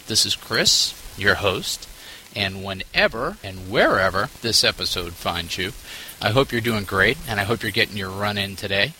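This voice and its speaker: A man's voice: lowish voice, bright, forceful tone, a little hiss or hum. A man hosting his own podcast, talking casually in a chatty, self-mocking way with rambling asides. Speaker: podcast host. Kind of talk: casual solo podcast talk.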